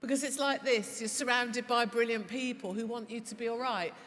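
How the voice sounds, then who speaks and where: A woman talking as a podcast guest before a live audience, impassioned and swearing, laughing, and rising to shouts. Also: a little high, steady tone, brisk. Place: large church hall before a live audience. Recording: echoey hall with audience noise.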